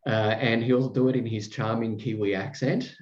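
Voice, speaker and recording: A man's voice: mid-range voice, steady tone, moderate pace, a little mellow. Man, podcast host, effusive, rambling, dull roomy recording. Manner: effusive, rambling with fillers and restarts. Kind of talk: casual chat with a guest.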